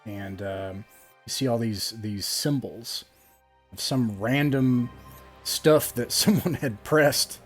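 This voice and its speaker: A man's voice: mid-range voice, slow pace, faint music behind. A man running a tabletop game, describing scenes with lots of ums and restarts. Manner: rambling, many fillers while describing scenes. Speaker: game master.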